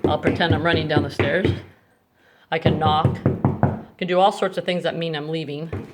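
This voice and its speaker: A woman's voice: low voice, steady tone, normal speed, pauses often, background noise. A woman dog trainer explaining crate training step by step at home, switching to coaxing praise for her dogs, recorded on a phone. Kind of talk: instructional demonstration. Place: home bedroom, indoors. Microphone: phone camera.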